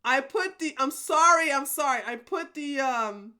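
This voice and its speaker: A woman's voice: high-pitched, animated, measured pace, pushed and bright. A woman hosting a live stream, chatting casually with her viewers, rambling and apologetic, laughing often. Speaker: livestream host.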